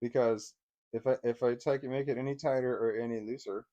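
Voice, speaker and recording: A man rambling through a personal story to the camera. He swears freely, laughs as he talks and often restarts his sentences, with a medium-pitched voice. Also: steady tone, fairly quick, dark tone, highs cut off. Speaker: divorced father telling a story.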